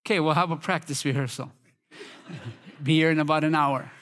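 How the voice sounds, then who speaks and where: A guest pastor from Minnesota preaching a lively, fervent sermon to a congregation, leading them in call and response and rising to shouts. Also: male voice, a little high, normal speed. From Minnesota, USA.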